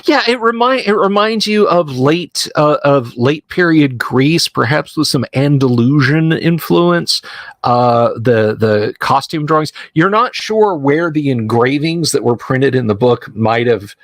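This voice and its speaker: Halting man narrating as game master. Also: fairly high pitch, lively intonation, no echo, clean studio sound. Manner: halting, full of restarts and fillers. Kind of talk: narrating a tabletop horror game.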